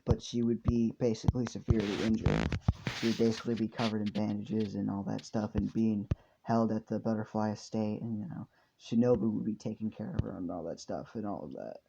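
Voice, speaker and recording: Rambling man with a gravelly voice. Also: medium pitch, noisy background. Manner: rambling, swears, many fillers. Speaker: fan storyteller. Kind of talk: casual storytelling. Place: hot room indoors. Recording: dull lo-fi home recording.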